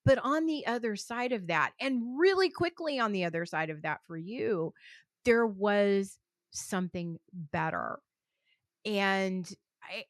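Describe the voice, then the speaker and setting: A woman's voice: medium pitch, dry recording, studio quality. A woman podcast host and business coach, reflective, asking questions with restarts. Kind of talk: interview host.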